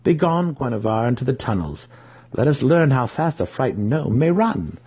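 A man voicing an evil male dark elf wizard who taunts and barks commands. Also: mid-range voice, very animated, normal speed, husky, voice pushed up. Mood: taunting.

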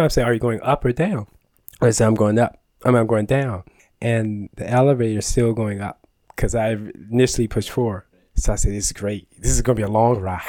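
A man on a podcast, telling a story in a casual, animated way, acting out the dialogue and laughing often. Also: mid-range voice, moderate pace, no echo.

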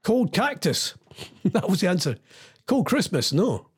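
Scottish male DJ, slightly high voice, lively pitch, playful and teasing, casual quiz chat. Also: a little slow, slightly rough. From Scotland. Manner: playful and teasing, reads out comments. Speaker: radio DJ.

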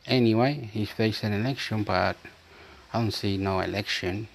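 A man's voice: fairly low pitch, normal speed, gravelly, slight background noise. A man from Chile talking in a rambling, repetitive casual monologue, reading bits aloud from a screen as he goes.

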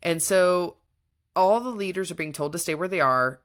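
A woman's voice: fairly low pitch, normal speed. A young adult woman co-hosting a casual book-review podcast, retelling the plot with animation and acting out the characters' lines. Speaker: podcast co-host.

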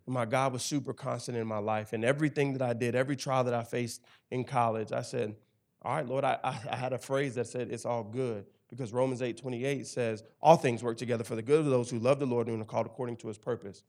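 A man in his thirties tells his faith story with emphatic, animated energy and a preacher's rhythm. His voice sits at an ordinary middle pitch. He works as a campus chaplain and talks like he's leaning toward the listener. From Tennessee. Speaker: campus ministry director and chaplain. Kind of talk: personal testimony in conversation.

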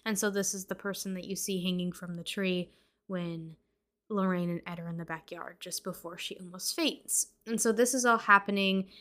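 A woman's voice: on the low side, steady tone, moderate pace, bright, forceful tone. A young woman hosting a podcast, casually recapping a horror movie scene by scene with lots of fillers. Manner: chatty, with frequent fillers. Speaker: podcast host.

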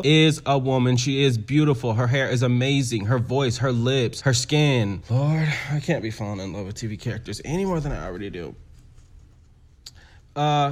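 Sassy, profane man recapping a show. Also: mid-range voice. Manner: sassy, profane, animated storytelling. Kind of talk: casual TV recap chat.

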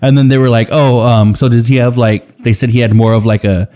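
A man's voice: medium pitch, fairly even intonation, fairly quick, warm tone. Male podcast co-host, casual, rambling, swears a lot, mid-range voice. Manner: rambling, swears freely, mimics others. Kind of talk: casual chat.

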